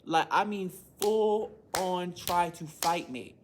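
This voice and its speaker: A woman's voice: fairly low pitch, slow pace, noisy background. A woman teacher venting to the camera in a heated, blunt way, swearing a lot and speaking.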